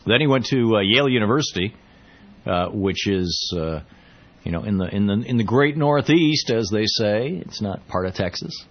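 A man's voice: lowish voice, animated, moderate pace, lo-fi sound. A man hosting a radio talk show, chatting casually and wryly with lots of fillers and asides. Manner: chatty, wry, rambling with many fillers.

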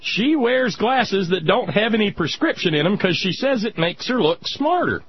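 A man's voice: high-pitched, lively intonation, moderate pace. A male radio talk show host in casual, blunt political chat, sardonic and full of restarts. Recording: dull lo-fi radio with faint hiss.

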